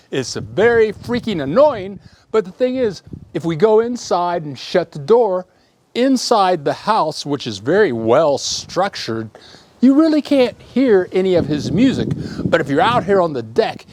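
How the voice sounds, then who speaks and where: A middle-aged man spins a story for his viewers, taking his time over each line. His voice sits a little high and swings up and down a lot as he acts out the sounds along the way. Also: a little slow, a little hiss or hum. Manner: animated, acts out sounds and shouts in his tale. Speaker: vlogger telling a story. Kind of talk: casual storytelling to camera.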